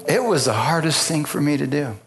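A man's voice: fairly high pitch, expressive, a little fast, gravelly. Male preacher, folksy storyteller, guitar under the sermon. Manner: folksy, storytelling, asks the crowd for agreement. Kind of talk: sermon testimony. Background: guitar music.

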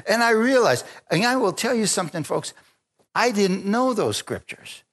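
A man preaching a sermon, telling stories with lively energy, stopping often to restart phrases and calling for amens. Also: sits high, moderate pace. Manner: animated storytelling with frequent restarts and calls for amen.

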